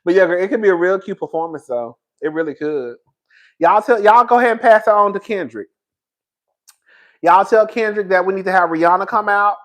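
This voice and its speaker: A young man with a high-pitched voice hosts a casual gossip commentary show. He talks in an animated, campy, slang-heavy way, breaking into loud laughter. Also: brisk. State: out of breath. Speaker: host.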